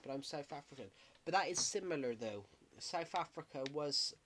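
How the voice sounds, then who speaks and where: A man's voice: fairly high pitch, animated, normal speed, fairly bright tone, a little hiss or hum. A man chatting casually on a gaming livestream, rambling and correcting himself as he talks.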